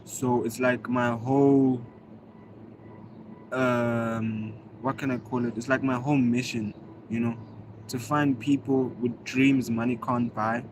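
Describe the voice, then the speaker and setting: A man's voice: mid-range voice, noisy background. A man from South Africa, a native Zulu speaker, chatting casually with viewers on a livestream in a slangy, laid-back way and thanking them by name. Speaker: livestreaming vlogger. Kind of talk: casual live-stream chat reading comments.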